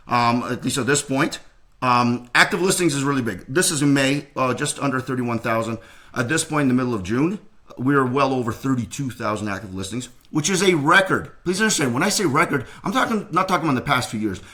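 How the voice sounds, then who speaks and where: A man's voice: mid-range voice, sharp tone. A middle-aged man giving a chatty real estate market update to camera, often restarting his sentences.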